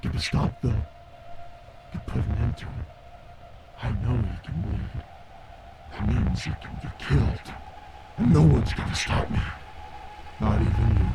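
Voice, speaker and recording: A man voicing a frantic young man convinced he is in hell, ranting and shouting. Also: mid-range voice, expressive, a little slow, pauses often, noisy background. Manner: shouting, wild-eyed ranting.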